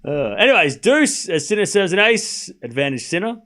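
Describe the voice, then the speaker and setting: A man's voice: high voice, very animated, moderate pace, a bit bright. A man hosting a live tennis watchalong stream, rambling casually, tossing rhetorical questions and sarcastic asides to his chat between score calls. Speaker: stream host and tennis commentator. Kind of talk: casual livestream commentary.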